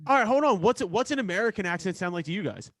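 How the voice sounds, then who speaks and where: A man's voice: high-pitched, animated, quick pace, fairly bright tone. A man co-hosting a podcast, teasing the others and joking with casual swearing. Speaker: podcast co-host. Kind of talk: casual chat.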